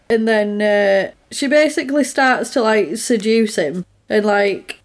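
Woman, mid-pitch, chatty and laughing, retells a film and plays its characters' lines. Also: expressive, a little slow. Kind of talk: casual chat recapping a film.

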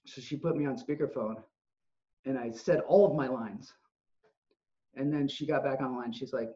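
A man hosting a casual interview podcast, telling stories and acting out quotes with lively energy. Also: mid-range voice, normal speed, pauses often. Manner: animated storyteller, acts out quotes. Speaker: podcast host. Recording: dull lo-fi sound.

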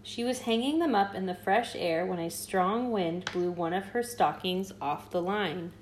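Lady reading a kids book out loud, gentle and expressive. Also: fairly low pitch, measured pace, noisy background. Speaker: host reading to children. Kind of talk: children's read-aloud.

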